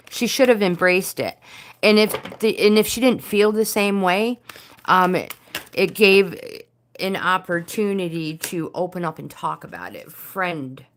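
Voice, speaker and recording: Older woman, lowish voice, live-stream host doing card readings, halting and full of fillers. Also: slight background noise. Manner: hesitant, searching for words, many fillers. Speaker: livestream host reading oracle cards.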